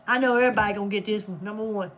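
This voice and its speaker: A woman's voice: mid-range voice, racing, fairly bright tone. A woman hosting a casual trivia game with friends. She reads out questions and answers in a playful, teasing way. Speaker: game host.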